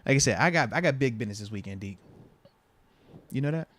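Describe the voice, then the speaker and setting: A man in his thirties hosting a casual sports podcast, an animated storyteller who swings between loud bursts and whispered asides. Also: medium pitch, quick pace, dry recording. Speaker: podcast host.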